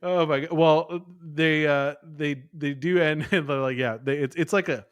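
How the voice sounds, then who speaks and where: A man co-hosting a casual movie podcast, his voice sitting a little high. He rambles, trips over words and agrees eagerly. The sound is close and dry. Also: steady tone, unhurried, clean tone, no room sound. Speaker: podcast co-host.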